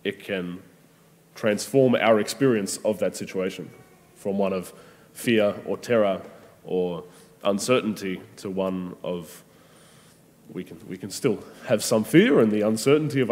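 A man giving a gentle, conversational sermon reflection with frequent pauses and restarts. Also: fairly low pitch. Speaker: preacher. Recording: long hall reverb.

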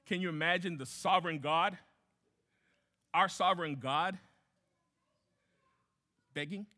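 Guy preaching a sermon, kinda high bright voice, keeps repeating lines, asks the crowd questions. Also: takes it slowly. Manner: emphatic, repeats key phrases. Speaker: guest pastor.

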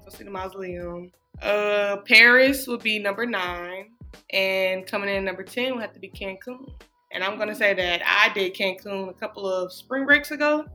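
A woman's voice: medium pitch, sharp tone. A woman, chatting casually as a podcast co-host, rambling and laughing often. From Atlanta, USA. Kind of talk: casual chat.

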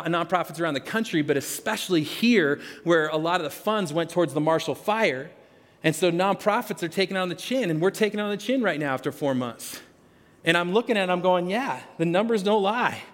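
A man preaching a conversational sermon as pastor, animated, with restarts. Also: on the high side. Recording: long hall reverb.

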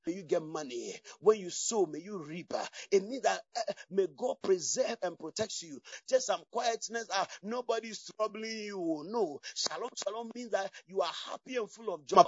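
A man preaching a charismatic sermon with fiery, shouted declarations and bursts of tongues. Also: high voice, lively intonation, moderate pace, husky, no room sound. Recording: dull lo-fi, distant from mic, dry.

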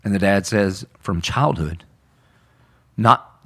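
A man's voice: fairly low pitch, slow pace, pushed and bright. A man, a pastor, talking through a Bible story in conversation, earnest and casual, acting out quoted lines with rising intensity. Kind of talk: sermon-style podcast discussion.

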